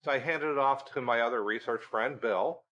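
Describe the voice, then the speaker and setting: A middle-aged man and guest on a podcast, telling a story in a lively way and acting out the dialogue. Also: mid-range voice, a little fast, muffled recording. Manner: animated storyteller, acting out quoted dialogue with laughs. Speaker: research center director, guest.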